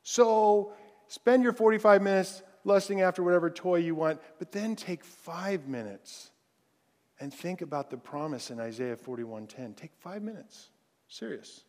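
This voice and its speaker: A man, a pastor, preaching a sermon in a conversational way and softening his voice to recite scripture. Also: sits high, a little slow. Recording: long hall reverb.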